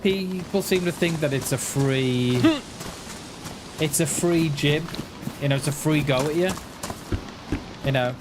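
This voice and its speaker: A man in his forties chatting casually on a gaming livestream, rambling and halting, often restarting his words and answering his viewers in a friendly way. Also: fairly high pitch. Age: 40s. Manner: talks back to chat in a friendly, reassuring way. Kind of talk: casual livestream chat while playing. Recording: noisy home stream recording.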